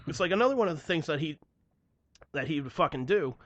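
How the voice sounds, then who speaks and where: In a dry recording, a young podcast host with a voice on the high side chats casually. He tells an animated, profanity-laden story, acting out the dialogue as he goes.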